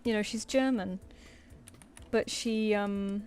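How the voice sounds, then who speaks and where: A woman's voice: medium pitch, fairly even intonation, slow, a little mellow. A woman chatting casually as she draws on a live stream, rambling and muttering to herself between thoughts. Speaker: artist livestreamer. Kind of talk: casual chat while drawing. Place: home room.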